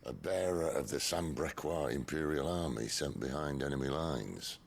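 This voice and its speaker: An actor playing a wry middle-aged outlaw leader in a video game, easygoing and dry. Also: male voice, rumbling low, expressive, moderate pace, gravelly, husky, exaggerated voice. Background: game music.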